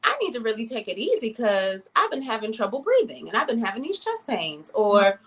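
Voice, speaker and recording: A woman guest on a video call, explaining yoga ideas in a steady conversational way, walking through everyday routines as examples. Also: a little high, fairly quick, a little hiss or hum. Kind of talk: casual explanation.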